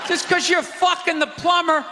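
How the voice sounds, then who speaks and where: A man doing a live stand-up set, ranting loudly with lots of profanity in a large theater. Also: extremely high pitch, little pitch movement, moderate pace, background noise. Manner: loud ranting delivery with profanity. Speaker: stand-up comedian. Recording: live theater recording with long reverb and faint crowd.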